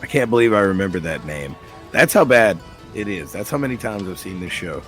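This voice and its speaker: A man with a fairly low voice rambles happily about his favourite cartoon, dropping casual swears as he goes. Music plays clearly behind him. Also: a little fast. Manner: rambling, excitable, swears casually, quotes scenes in put-on voices. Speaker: podcast host.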